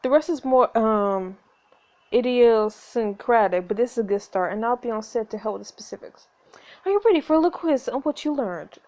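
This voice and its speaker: A woman's voice: on the high side, animated, moderate pace, a little mellow, lightly acted. A woman voicing a cheerful female dialect coach in a story game, speaking in a raised, prim, instructive way. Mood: teaching.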